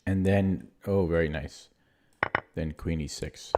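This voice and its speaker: A man streaming chess, thinking aloud in a low-key, muttering way as he works through puzzles and questions his own moves. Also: slow, warm tone. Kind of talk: casual thinking aloud while solving puzzles.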